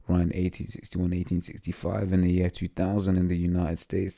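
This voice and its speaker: A man giving an informal scripture teaching, full of fillers and "right?" tags, reading passages aloud haltingly. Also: low-pitched, creaky, mellow. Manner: halting, many fillers and tag questions; reads text aloud haltingly. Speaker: lay preacher.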